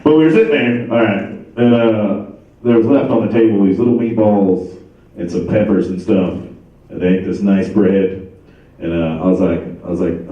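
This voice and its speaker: A stand-up comedian in his thirties from Ohio, USA, performs a rambling set on a comedy stage at a charity show before a live audience, building into exasperated rants. His voice is low, warm, and steady, a little fast. The room recording sounds echoey, distant, and dull.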